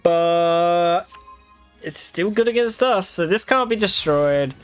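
Male gaming creator, casual and dry, swears easily, voice sits a bit high. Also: lively intonation, slow, clean tone, soft background music. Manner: wry, swears freely, talks to viewers. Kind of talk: casual gameplay commentary.

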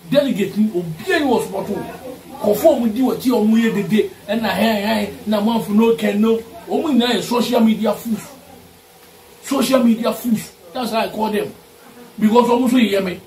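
A man with a Ghanaian accent giving a heated political rant, forceful and repeating his lines for emphasis while mixing English and Twi. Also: high voice, slight background noise. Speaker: party supporter. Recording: echoey room, distant mic, faint ambience.

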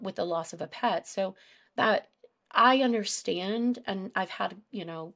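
A woman, a guest animal behaviorist, talking candidly in a casual podcast conversation, telling stories with lots of fillers. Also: mid-range voice. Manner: candid, storytelling, many fillers.

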